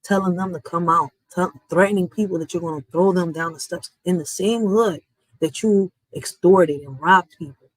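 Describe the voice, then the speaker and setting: A woman's voice: on the low side, moderate pace, dry recording, poor audio. Woman vlogger, blunt and emphatic, dry close sound. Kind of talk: heated social media commentary.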